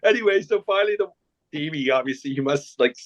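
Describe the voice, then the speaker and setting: A Canadian man guesting on a podcast talks fast in a slightly high voice with lively intonation, and the sound is lo-fi. In casual storytelling chat, he rambles through anecdotes, restarting often and laughing.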